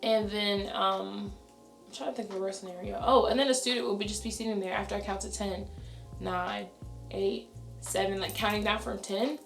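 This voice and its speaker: A young adult woman, a schoolteacher, talking fast and chatty in a casual vlog, her voice raspy and tired. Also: mid-range voice, fairly even intonation, roomy sound, soft background music. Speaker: elementary school teacher. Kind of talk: casual vlog talk to camera.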